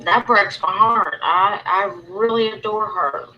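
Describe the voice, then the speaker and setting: A woman's voice: mid-range voice, steady tone, takes it slowly, pushed and bright, dull audio. A woman hosting a casual livestream, rambling and aggrieved as she talks through her grievances and greets chat viewers by name. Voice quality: rambling, repeats and restarts. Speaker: livestream host.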